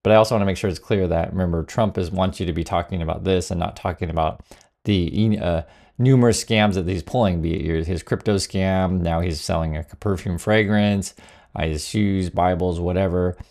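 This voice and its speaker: A man's voice: sits low, fairly even intonation, brisk, a little mellow. A man hosting casual political commentary, sarcastic, with many fillers and restarts.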